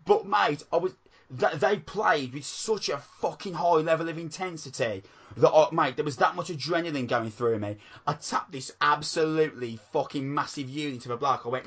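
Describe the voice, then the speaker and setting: A man co-hosting a podcast, chatting excitedly and swearing constantly. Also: fairly high pitch, normal speed, slightly rough. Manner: excitable, swears a lot, calls people mate. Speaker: podcast co-host. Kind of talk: casual chat.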